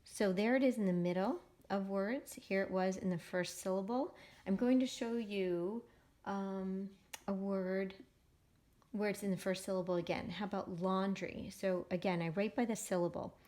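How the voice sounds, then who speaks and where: A woman teaching a phonics lesson to young children, sounding out each syllable slowly and patiently. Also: mid-range voice, fairly even intonation, mellow.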